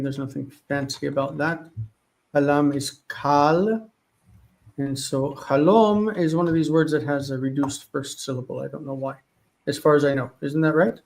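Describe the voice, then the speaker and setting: Working through texts in a live online lesson, this Hebrew teacher pauses partway through sentences to look up references while thinking out loud. His voice is on the high side, gravelly and a little mellow, recorded poorly in a home studio lit by a single light.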